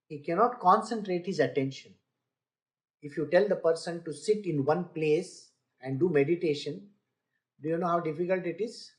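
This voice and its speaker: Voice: mid-range voice, moderate pace. A spiritual teacher giving a scripture lecture, asking listeners rhetorical questions and mocking boastful people by quoting them.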